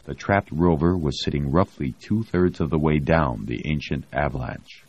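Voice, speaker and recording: Deep male audiobook narrator, steady delivery, lo-fi sound. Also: moderate pace, husky. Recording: dull lo-fi audio.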